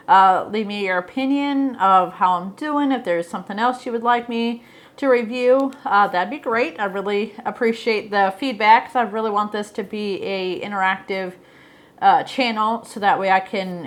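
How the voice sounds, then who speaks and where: Chatty Ohio woman hosting a reaction video. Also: medium pitch. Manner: relaxed, filler-heavy chat. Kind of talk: casual commentary.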